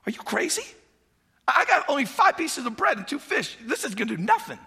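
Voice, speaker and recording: A man voicing a skeptical little boy who clutches his lunch and talks back fast, in disbelief, during a sermon. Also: extremely high pitch, big pitch swings, creaky, bright, forceful tone, voice pushed up, full character voice. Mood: incredulous. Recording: long hall reverb.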